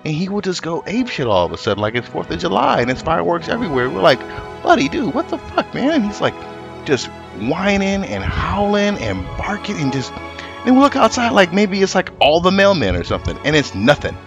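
A man streaming live as a comic artist, telling a rambling, profane, animated story while he paints. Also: on the high side, brisk, gravelly, lo-fi sound, over music. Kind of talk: casual storytelling on a livestream.

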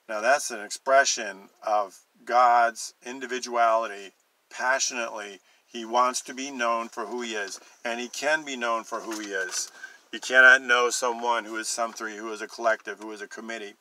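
A man giving an online Bible teaching, emphatic and slowing down to stress the verses he reads. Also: mid-range voice, fairly even intonation, pushed and bright, no room sound. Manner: emphatic, slows down and stresses scripture readings.

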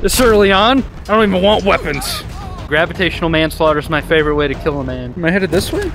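A man commentating his VR gameplay, excitable and profane, trash-talking enemies as he plays. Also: on the high side, quick pace. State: out of breath at times. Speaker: gaming video host.

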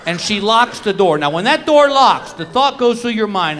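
A middle-aged man telling self-mocking stories in a live stand-up set, acting out his own reactions with animated delivery. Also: sits high, normal speed. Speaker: stand-up comedian. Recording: noisy live comedy recording.

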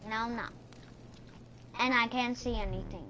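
Chatty young girl, slightly high voice. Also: steady tone, moderate pace. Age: child. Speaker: co-player. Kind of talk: casual play chatter. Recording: noisy home recording.

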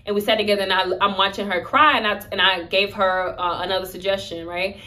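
A young woman sharing a story-time vlog, talking candidly and with emphasis. Her tone is conversational and blunt, and her voice sits at an ordinary pitch. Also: steady tone, quick pace, sharp tone. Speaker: vlogger.

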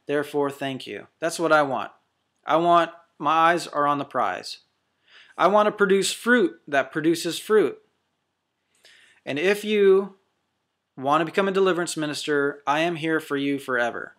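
Fiery high-voiced male preacher. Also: moderate pace, fairly bright tone. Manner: fervent, confrontational, repetitive declarations. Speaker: deliverance minister. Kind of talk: preaching sermon to camera.

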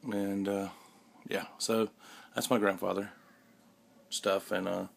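A young man talking haltingly to his camera in a casual vlog, with many restarts and fillers. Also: low voice, flat delivery, creaky, slight background noise. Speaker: vlogger. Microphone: handheld camera mic.

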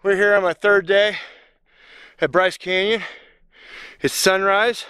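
Winded middle-aged guy vlogging from a canyon, chatty and self-mocking, talks slow, clean smooth voice. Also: sits high, steady tone, pushed and bright, no room sound. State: out of breath. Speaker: travel vlogger. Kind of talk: casual travel vlog. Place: outdoors in a cold canyon at sunrise.

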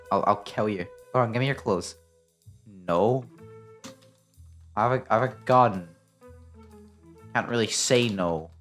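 A British man commenting on his own gameplay as a video creator, jokey and excitable, breaking into sudden loud yelps. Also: on the low side. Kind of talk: playing a game and commenting.

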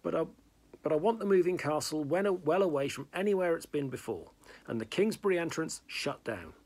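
Brief: a man doing a vain young wizard, sulky and dramatic, voice pitched up, for a storybook read-aloud. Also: lively intonation, fairly quick, a little mellow, breathy edge. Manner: raised pitch, irritable and pleading lines.

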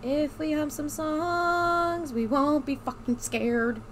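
She's a gamer with a high-pitched voice who takes it slowly, recorded with slight background noise. In her let's play commentary of a horror game, she works through her nerves with self-reassuring chatter that everything is fine, cursing often along the way.

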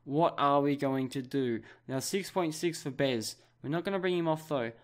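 Young Australian guy calling the action in his football manager game, fairly high voice, gets excitable. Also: normal speed. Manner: excitable play-by-play commentary. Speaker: gaming YouTuber.

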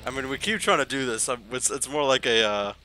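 A man playing a co-op heist game with a friend, laid-back and quick to laugh. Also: mid-range voice, lively intonation, bright, forceful tone, slight background noise. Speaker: co-op player. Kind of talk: casual gaming chat.

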